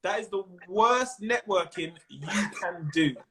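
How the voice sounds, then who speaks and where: A high, bright-voiced man with a London accent talks in a relaxed interview. He is animated, peppers his talk with street slang and keeps slipping into quick impressions of other people. His tone is sharp and forward. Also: a little hiss or hum. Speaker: comedian guest. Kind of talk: casual interview chat. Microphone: Instagram live stream.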